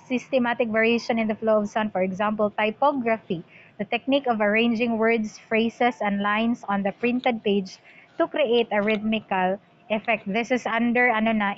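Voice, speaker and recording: A woman's voice: on the high side, highs cut off, slight background noise. A woman teacher giving an online lecture, explaining terms and switching between English and Cebuano.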